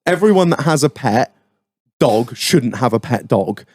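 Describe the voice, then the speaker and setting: A male podcast host tells a sweary anecdote in a casual, laughing, animated way, like pub-style storytelling. His mid-range voice is husky and a little slow.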